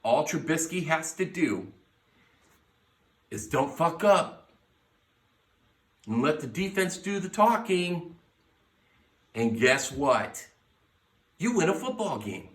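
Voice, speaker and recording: A man's voice: a little high, sing-song, takes it slowly, pauses often, fairly bright tone. A man hosting a podcast, giving brash, profane sports picks in casual talk and hyping his teams. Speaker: podcast host. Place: bar lounge. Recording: echoey room, mic at a distance.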